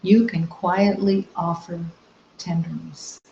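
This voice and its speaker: A woman spiritual teacher giving a meditative talk, soft-spoken and gentle, with long reflective pauses. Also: lowish voice, fairly even intonation, vocal fry, a little hiss or hum. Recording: roomy, slightly dull recording.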